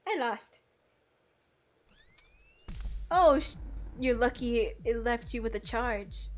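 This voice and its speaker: A young woman streaming herself playing a game, chatting casually and playfully, swinging from loud outbursts to quiet mumbles. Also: on the high side, a little slow. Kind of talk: casual gameplay commentary. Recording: faint game music behind.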